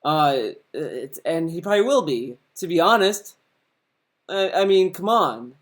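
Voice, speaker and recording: A man's voice: fairly high pitch, animated, a little slow. A man giving reaction commentary in a sarcastic, profane, mocking manner.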